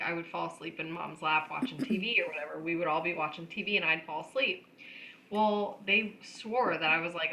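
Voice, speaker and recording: A woman with a very bright, sharp voice co-hosts a casual podcast. She sounds relaxed and laughs easily as she tells a story. A faint hiss sits under the recording. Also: lowish voice, poor audio. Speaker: podcast co-host. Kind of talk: casual chat.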